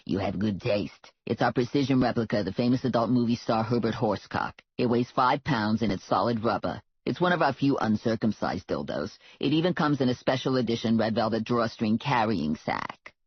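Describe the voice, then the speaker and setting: The narrator voicing a brash 72-year-old shopkeeper woman with a deep smoker's voice and a gruff, blunt way of talking. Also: expressive, fairly quick, hardly any pauses, no room sound. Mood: sales pitch. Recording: dull lo-fi, dry.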